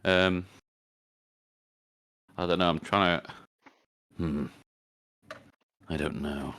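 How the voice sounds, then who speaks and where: A man's voice: low voice, steady tone, slow pace, long pauses, bright, forceful tone. A man running a tabletop game as dungeon master, chatting casually, swearing freely and joking about character voices.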